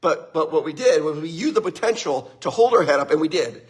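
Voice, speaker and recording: A man speaks as host of an upbeat motivational talk, calling his listeners "guys" with eager energy. His voice sits high and husky, hoarse as if he has only half got it back. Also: expressive, brisk. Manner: enthusiastic, addresses listeners as guys. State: hoarse, voice partly lost.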